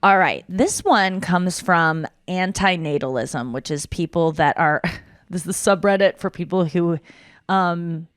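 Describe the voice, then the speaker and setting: Podcast host, woman in her thirties, lively and self-mocking, close dry mic. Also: fairly low pitch, unhurried, clear, resonant tone, dry recording. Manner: animated, self-deprecating, swears freely. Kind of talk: casual chat.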